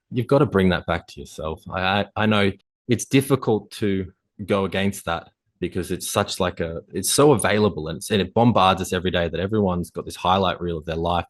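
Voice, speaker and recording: A man with a low voice talks fast and intensely, pushing hard motivational points and swearing casually. The sound is dry and close to the mic. He speaks as a coach who is a guest on the show. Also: dry recording. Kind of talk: conversational interview.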